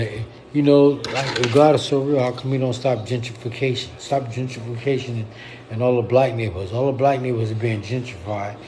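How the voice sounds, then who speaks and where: Speaking at medium pitch with background noise behind him, the middle-aged poet-livestreamer rants straight at his viewers. His talk is blunt, profane, and repetitive.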